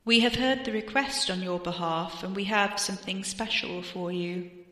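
A woman voicing a gigantic, unseen presence that speaks slowly and measuredly, in a read-aloud story. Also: mid-range voice, steady tone, sharp tone, roomy sound, in a large hall, natural voice. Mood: ominous.

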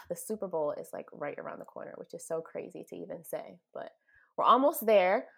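Woman, sports talk co-host, animated, dramatic emphasis, casual chat. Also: lowish voice, fairly quick, gravelly, breathy edge.

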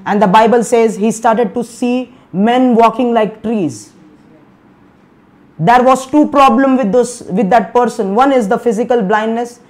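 A man preaching a sermon, often repeating himself and restarting his words, and saying "Hallelujah" and "Amen" again and again. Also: high-pitched. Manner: emphatic preaching, rising loud in bursts, with repeated "Hallelujah" and "Amen".

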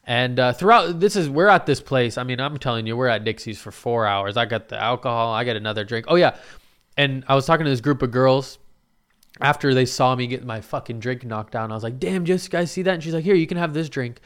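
Speaking briskly in a smooth, medium-pitched voice, a young man delivers a casual storytelling monologue about his night out. He's animated, curses heavily, and performs other people's quotes.

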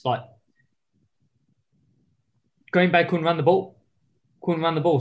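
A man, co-hosting a casual sports chat over a video call and talking over the others. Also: mid-range voice. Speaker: podcast co-host.

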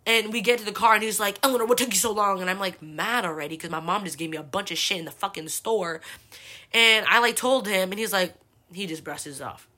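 Bright-voiced young woman telling a story. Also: mid-range voice, a little fast. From San Francisco Bay Area. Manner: profane, rambling, heavy use of like. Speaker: podcast host. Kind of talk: casual storytelling.

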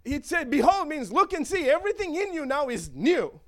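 A man preaching a sermon in an animated way, with joking asides and chuckles. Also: very high-pitched, normal speed.

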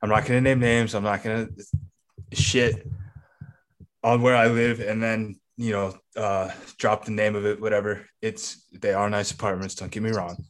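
A man's voice: on the low side, flat delivery, normal speed. A man co-hosting a casual podcast, telling a long, rambling story full of swearing and filler words. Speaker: podcast co-host.

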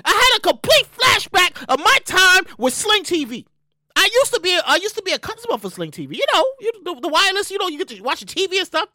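A woman hosting her own show, ranting in a loud, profane, animated way with sudden shouted bursts. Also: very high-pitched, quick pace, no room sound, clean studio sound. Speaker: show host. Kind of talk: solo comedic rant.

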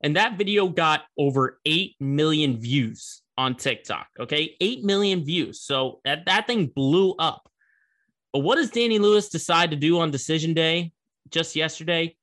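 Young guy riffing on college football news, casual and rambly, bright tense tone. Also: on the high side, lively intonation, unhurried. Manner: chatty, rambling, laughs at the story. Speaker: sports show host. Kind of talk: casual sports commentary.

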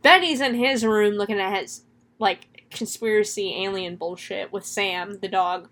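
A woman recapping a horror film in casual chat, animated, laughing often and swearing freely. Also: medium pitch, unhurried.

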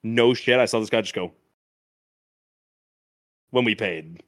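A man's voice: on the low side, unhurried, a bit bright, no echo. Profane storytelling man, dry close mic. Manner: loose, profane, laughs through his stories. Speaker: podcast co-host. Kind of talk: casual storytelling chat. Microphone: podcast microphone.

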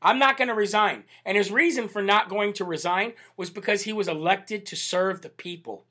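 A man hosting a political commentary livestream, animated, indignant and sarcastic, often calling out to "ladies and gentlemen". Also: sits high, normal speed. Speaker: host.

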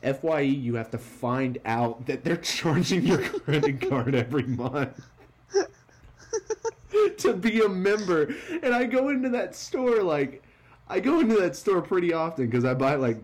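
A man's voice: fairly high pitch, sing-song, a little slow. Young man, podcast host, casual chat, swears and laughs a lot, faint background hum.

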